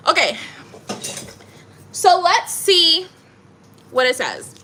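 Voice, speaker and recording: A woman giving a casual, playful tarot reading, talking in an animated way full of slang and laughter. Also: sits high, moderate pace, a little hiss or hum. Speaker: tarot reader.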